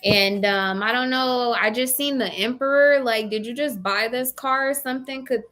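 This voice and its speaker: Woman tarot reader, casual live session; blunt, chatty, a bit high in pitch. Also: moderate pace, a bit bright, slight background noise. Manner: chatty, blunt, swears casually, addresses viewers by name.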